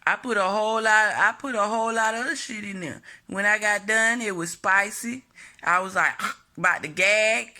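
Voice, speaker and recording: A woman with a bright, forceful voice rants to her camera at home. She is blunt and foul-mouthed, circling back to repeat each point for emphasis. The delivery is casual and opinionated, in a middle pitch. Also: fairly quick. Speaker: vlogger.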